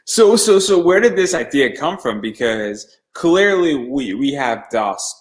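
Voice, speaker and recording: A man's voice: mid-range voice, big pitch swings, a little slow, poor audio. A man hosting a casual interview, talking in a rambling, hesitant way with many restarts. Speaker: podcast host.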